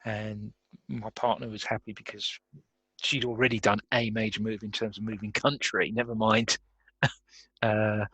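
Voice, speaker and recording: A man's voice: fairly low pitch, little pitch movement, measured pace, sharp tone, breathy edge, no echo. A man, a guest in a podcast interview, talking reflectively and laughing often. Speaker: guest, career coach.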